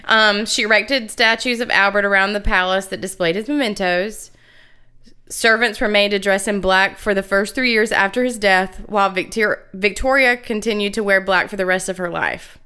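A woman's voice: medium pitch, normal speed, sharp tone, clear, resonant tone. A woman co-hosting a casual podcast, reading history notes aloud and breaking into giggles now and then. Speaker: podcast co-host.

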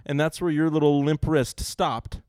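A man's voice: fairly high pitch, fairly even intonation, moderate pace, darkish tone, dry recording, clean studio sound. A young man co-hosting a podcast, ribbing his friend and acting out the quotes in a story. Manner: teasing storyteller, acts out quotes. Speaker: podcast co-host. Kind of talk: casual banter.

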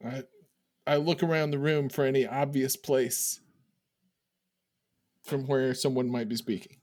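A man's voice: medium pitch, steady tone, measured pace, darkish tone. A man playing a tabletop role-playing game, earnestly speaking for his character. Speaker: player.

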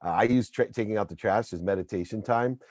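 A man's voice: fairly low pitch, fast talker, darkish tone, dry recording, clean studio sound. A man in his forties, a guest, giving emphatic motivational talk in punchy lists.

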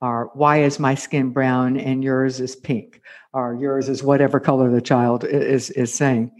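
A man hosting a casual advice conversation, posing questions in a measured, thoughtful way. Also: medium pitch, flat delivery, a little mellow. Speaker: host. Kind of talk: casual interview talk.

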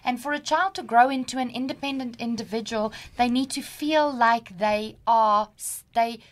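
A woman's voice: fairly high pitch, moderate pace. A woman co-hosting a podcast, a mother speaking in a reflective way and searching for her words. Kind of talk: casual podcast conversation.

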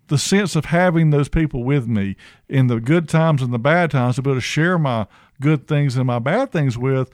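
A man's voice: a little high, darkish tone, no echo, studio quality. A man in recovery talking casually on a podcast, rambling and self-deprecating, filling his stories with "you know". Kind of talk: casual conversation.

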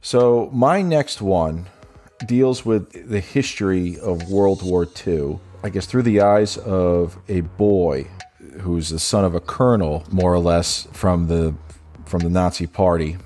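A man co-hosting a casual film chat, laid-back, with short remarks and drawn-out phrasing. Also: deep voice, a little mellow, faint music behind. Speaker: co-host discussing films.

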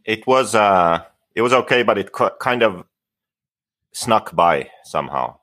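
A man with a very low voice, answering briefly and a little hesitantly in a relaxed podcast conversation. His lines are short and low-key. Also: measured pace. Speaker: regular co-host. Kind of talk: casual podcast chat.

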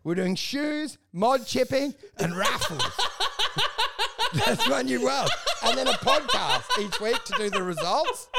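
A man, his voice high for a man and full of gravelly fry. He riffs fast on a comedy podcast, slipping into silly acted-out exchanges and swearing freely. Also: heavy background noise. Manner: animated riffing, acts out mock dialogue, swears. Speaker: podcast co-host. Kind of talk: casual comedic banter.

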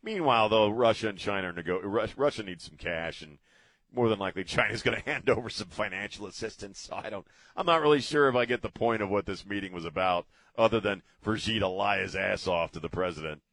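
A man's voice: lowish voice, quick pace, fairly bright tone, no echo. A middle-aged man hosting a casual talk radio show from a studio, rambling and joking off the cuff. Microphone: studio mic.

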